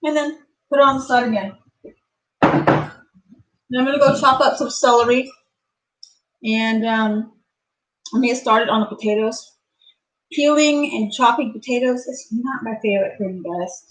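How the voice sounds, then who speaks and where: A woman's voice: on the high side, moderate pace, pauses often, rough recording. A woman hosting a live home cooking stream, chatting to viewers and to herself as she chops and mixes. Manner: chatty, talks to herself while cooking, sings and playfully whines. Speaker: cooking channel host. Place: home kitchen.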